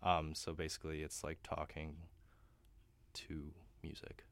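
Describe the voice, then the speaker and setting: A man's voice: extremely low pitch, completely flat delivery, a little slow, fairly bright tone, a little hiss or hum. A young man, a guest opera singer, chatting casually in a radio interview, laughing often and using many fillers.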